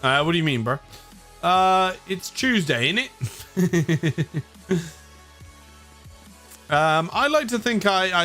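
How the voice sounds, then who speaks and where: A weary man with an English accent rambles through relaxed live-stream chat, his voice sitting at an ordinary middle pitch and chuckling at his own jokes. Soft music plays quietly underneath. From United Kingdom. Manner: rambling, chuckles often, self-mocking. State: tired.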